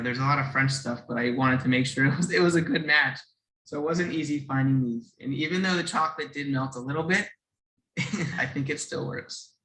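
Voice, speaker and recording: An earnest man explains a whiskey brand over a video call. His voice is bright and forward, and he often restarts phrases. The sound carries a roomy echo. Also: medium pitch.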